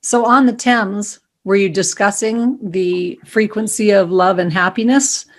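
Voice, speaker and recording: A woman of middle pitch who hosts the interview. She keeps the guest going with short, encouraging remarks and laughs easily along the way. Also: steady tone, measured pace. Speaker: interview host. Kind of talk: casual interview chat.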